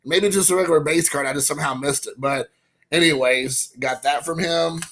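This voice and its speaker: A man chats casually into the camera for his collecting vlog. His voice sits a bit high and sounds bright and forward, and he rambles through his story with excitement, slipping into quoted asides. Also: brisk. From Indiana, USA. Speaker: card-collecting channel host.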